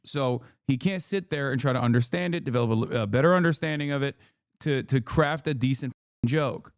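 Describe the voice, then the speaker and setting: A man's voice: medium pitch, fairly quick, dry recording, studio quality. A man giving emphatic, profane reaction commentary on a live stream, repeating points for emphasis.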